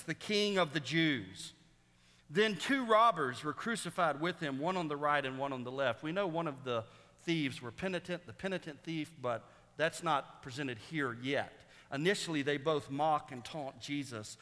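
Preaching man, bright voice in a hall. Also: lively intonation, normal speed. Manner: preaching that rises loud and high on quoted scripture. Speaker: pastor. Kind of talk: sermon.

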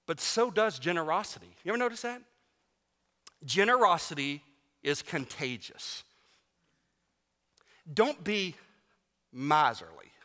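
A man preaching a sermon to his congregation, animated and joking, with emphatic rises on key words. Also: a little high. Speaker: pastor. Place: church sanctuary. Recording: long church reverb.

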